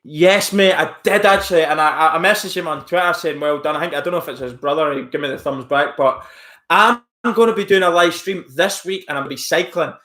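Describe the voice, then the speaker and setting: A man's voice: a little high, a little fast, bright, forceful tone. A man live-streaming from home, rambling casually as he reacts to chat messages and mocks a troll. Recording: roomy echo.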